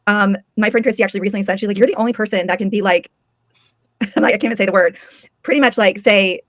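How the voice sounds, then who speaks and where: A woman's voice: medium pitch, steady tone, quick pace, no echo. A woman co-hosting a fitness summit, giving emphatic, emotional encouragement to viewers. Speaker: co-host and summit organizer. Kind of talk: motivational talk.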